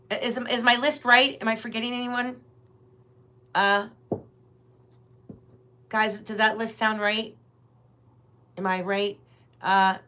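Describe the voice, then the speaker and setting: A woman's voice: medium pitch, fairly bright tone. Chatty woman hosting a tarot livestream. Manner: chatty, rambling, talks directly to viewers. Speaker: tarot reader, livestream host. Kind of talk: casual livestream tarot reading.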